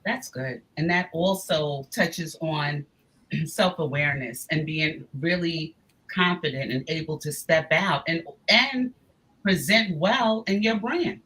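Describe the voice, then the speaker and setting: A woman's voice: low voice, slow pace, a bit bright, low-quality recording. A woman hosting a casual livestream discussion, chiming in with enthusiastic, affirming remarks. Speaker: host.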